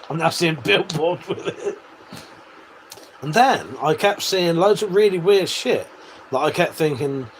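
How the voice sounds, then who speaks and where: A man's voice: on the high side, unhurried, pauses often, slight background noise, rough recording. A man hosting a livestream, reading out viewer comments, swearing freely and laughing often. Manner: swears a lot, laughs often, banters with chat. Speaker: livestream host.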